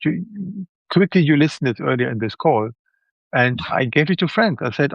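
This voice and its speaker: Chatting as a guest author in a casual interview, a man with a German accent tinged with Swiss animatedly acts out quoted reactions; German is his native language. His slightly high voice has vocal fry at a normal speed. The recording is muffled, with no echo.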